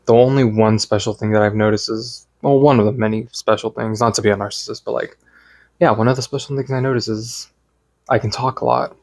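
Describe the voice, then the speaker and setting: A young man talks through a loose, unscripted late-night vlog at home, drifting from thought to thought with casual swearing. His voice sits low with a gravelly fry, and the sound is close and dry with no room around it. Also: fairly even intonation, fairly quick, a little mellow, dry recording. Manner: rambling, reflective, casual with swearing. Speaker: vlogger.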